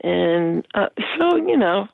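A woman calls in over a tinny phone line, chatting slowly with a gravelly texture to her voice. She giggles and trails off into fillers as she talks. The call sounds narrow and dry. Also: lowish voice, very animated, no echo. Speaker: caller. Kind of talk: casual phone chat.

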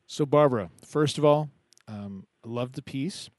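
A man's voice: mid-range voice, normal speed, darkish tone. A man hosting a call-in poetry show, chatting casually and joking with callers, laughing often. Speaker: radio poetry show host.

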